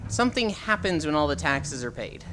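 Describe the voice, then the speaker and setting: Woman streamer just chatting w/ chat, kinda low voice but bouncy, faint music in the back. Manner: chatty and teasing, reading chat aloud; animated storytelling with laughter. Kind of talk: casual live-stream chat.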